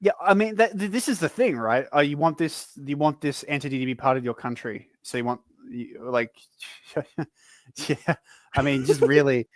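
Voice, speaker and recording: Male co-host, hesitant and filler-heavy, deadpan humor, dry close-mic sound. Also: mid-range voice, no room sound. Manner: halting, full of fillers, dry jokes. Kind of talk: casual livestream chat.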